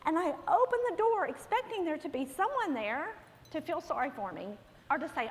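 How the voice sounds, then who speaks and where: A pastor's wife telling a humorous story to a women's conference, animated and laughing, her voice climbing into near shouts. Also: very high voice, fairly quick. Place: large church hall with audience. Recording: long hall reverb, faint room noise.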